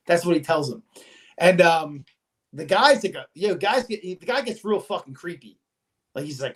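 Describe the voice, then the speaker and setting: A man with a slightly high voice retells a story in loose, casual chat. He swears constantly and keeps an animated, storytelling drive as he goes. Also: normal speed. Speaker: podcast host.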